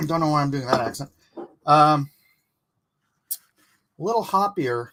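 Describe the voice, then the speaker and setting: Lively, chatty man hosting a livestream. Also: fairly high pitch, measured pace, pauses often, a little hiss or hum. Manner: relaxed, chatty, laughs easily while eating. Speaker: livestream host. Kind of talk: casual livestream chat.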